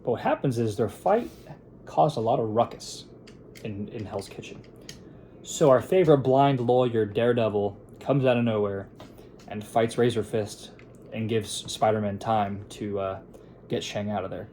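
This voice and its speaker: A man's voice: fairly low pitch, moderate pace, mellow, a little hiss or hum. A young man at his editing table giving a casual film review and plot recap, rambling with lots of "um"s and acting out quotes. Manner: rambling, with frequent fillers and restarts into quoted voices.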